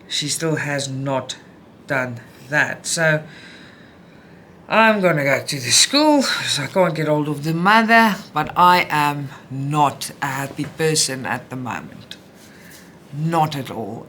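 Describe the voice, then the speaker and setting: A middle-aged woman vlogging about cross-stitch at home, upset and frustrated, venting in a halting way with many restarts. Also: deep voice, fairly bright tone, a little hiss or hum. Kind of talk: casual chat while stitching.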